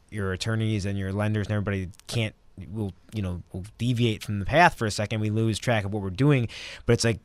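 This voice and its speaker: Real estate guy talking fast n earnest, dry room. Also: fairly low pitch, fairly bright tone, no echo. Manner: earnest, uses lots of fillers. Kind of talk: casual panel chat.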